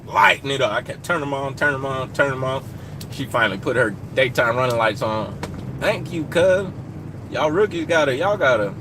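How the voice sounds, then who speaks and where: A young man streaming live from his truck cab, chatting casually and joking with viewers, hollering shout-outs into a phone. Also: medium pitch, animated, fairly quick, noisy background.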